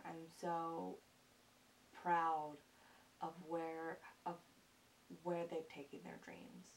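A young woman talks casually to her viewers in an earnest, gushing way, circling back with ums and repeated words. Her voice sits a little low for a woman. She is recorded from some distance from the mic, and a faint hiss runs underneath. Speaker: vlogger. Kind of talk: casual chat to camera.

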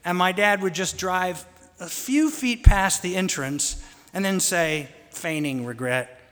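A man telling fond, gently humorous family stories in a sermon. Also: sits high, lively intonation, normal speed. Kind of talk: anecdotal storytelling sermon. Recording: long hall reverb.

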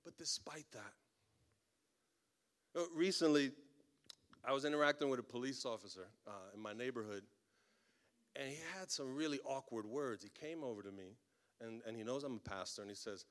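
A man preaching a sermon as a pastor, telling stories in an animated way with humorous asides. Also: medium pitch, normal speed, pauses often.

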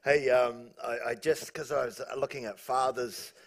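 A pastor telling a joke in church, halting with many restarts. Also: male voice, medium pitch, flat delivery.

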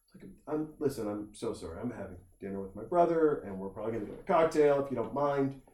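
A man in casual conversation spins an animated story, slipping into quick voices for the people he describes and cursing as he goes. His voice sits at a middle pitch. The sound is roomy, with a noticeable echo around him. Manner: animated anecdote telling with quoted voices and swearing.

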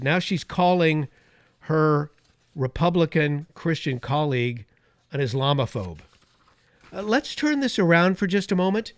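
A man's voice: on the high side, no room sound. A man hosting a talk radio show, delivering an opinionated monologue with emphatic repetition and sarcastic asides. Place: radio studio.

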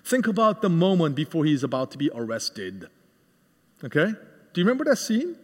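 A man preaching a sermon with a cordless microphone, animated and quizzing the congregation with questions. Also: a little high, a little fast. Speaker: guest preacher. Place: church hall. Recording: reverberant hall.

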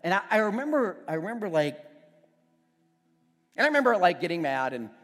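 Pastor in his forties, slightly high voice, chatty sermon that builds to loud emphasis, long church-hall echo. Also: very animated, fairly quick. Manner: conversational storytelling, restarts, swells to loud emphasis. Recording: long reverb of a church hall, faint music.

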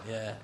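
A middle-aged man telling football stories in a casual talk, laughing often and dropping to a whisper for his inner thoughts. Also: very noisy. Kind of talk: casual storytelling on a talk show.

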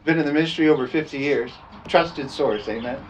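Laughing, folksy preacher man, slightly high voice. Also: fairly quick, a little hiss or hum. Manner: folksy, laughing often, punctuating with "amen?". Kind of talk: storytelling sermon.

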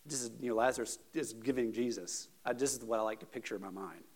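A male pastor preaching a sermon, moving between casual asides and loud, emphatic peaks. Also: medium pitch, fast talker.

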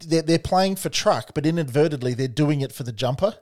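A man's voice: on the high side, lively intonation, fairly quick, a little mellow. A man in casual chat about football, searching for words and cutting in with questions. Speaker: football podcast co-host.

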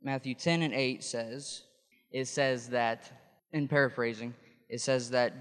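Guy preaching, chatty and explaining, smooth clear voice, long hall echo. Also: mid-range voice, fairly even intonation, a little slow, fairly bright tone. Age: adult. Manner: conversational, explanatory, with restarts. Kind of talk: sermon.

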